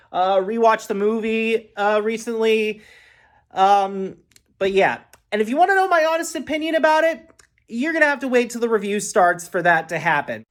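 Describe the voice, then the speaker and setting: An excitable reviewer talks through a film in a loose, off-the-cuff monologue. Loud bursts of hype give way to quiet, mumbled asides, and the talk wanders through self-corrections. The jokes are often aimed at the speaker. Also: mid-range voice. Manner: energetic and rambling, with big jumps between loud hype and muttered asides. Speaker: movie reviewer. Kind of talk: casual movie review monologue.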